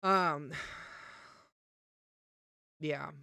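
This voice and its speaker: Bright, crisp-voiced woman streamer ranting. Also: sits low, extremely slow, no echo, studio quality. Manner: emphatic and profane, with many fillers. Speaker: live streamer. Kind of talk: casual live-stream rant.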